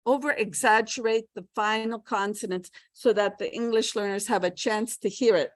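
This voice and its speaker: A woman's voice: a little high, normal speed, no echo. An older woman giving a live pronunciation workshop for teachers, chatty and demonstrating sounds aloud. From United States. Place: classroom.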